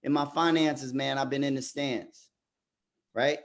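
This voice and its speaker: A man's voice: mid-range voice, fairly even intonation. A man facilitating a fathers' group workshop who talks emphatically and often repeats words as he restarts. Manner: turns soft and slow in reflective parts. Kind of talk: motivational workshop talk.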